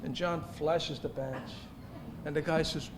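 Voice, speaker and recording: A man's voice: on the high side, steady tone, unhurried, slight background noise. A man at a gala telling a jokey, teasing story about a friend's travels. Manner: jokey, teasing anecdote with laughs. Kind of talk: storytelling toast. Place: banquet hall at an evening gala.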